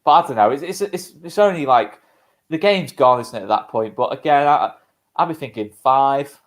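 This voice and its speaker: Man co-hosting a live fan show, steady and measured. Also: medium pitch. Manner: measured, steers the talk, reads out poll results. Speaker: co-host of a fan channel. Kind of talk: live stream chat.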